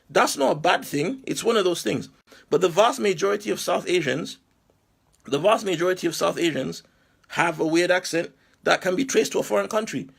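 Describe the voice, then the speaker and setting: Heated British man, gravelly and high. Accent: British English. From England. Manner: heated, rhetorical questions, repeats himself. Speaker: commentator responding to a critic. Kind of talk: impassioned monologue.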